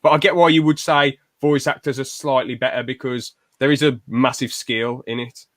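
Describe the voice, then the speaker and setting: A man's voice: medium pitch, fairly even intonation, a bit bright, no room sound. Chatty man on a dry mic. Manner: chatty, enthusiastic, quick asides with brief put-on quotes. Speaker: podcast co-host. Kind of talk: casual chat.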